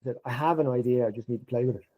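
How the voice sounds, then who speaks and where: Speaking very fast in a mid-range voice, a middle-aged Irish man tells a story as a podcast guest, and the recording is rough. He's an animated storyteller who brings the story's dialogue to life by acting it out.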